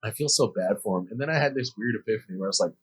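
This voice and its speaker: A young man co-hosting a podcast, telling a story in casual chat, animated, laughing and swearing freely. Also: fairly low pitch, racing, breathy edge. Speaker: podcast co-host.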